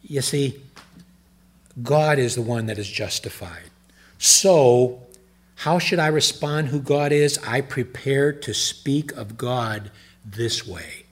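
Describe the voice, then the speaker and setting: An older man preaching a sermon, switching between loud emphatic lines and low, quiet asides. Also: slow, husky.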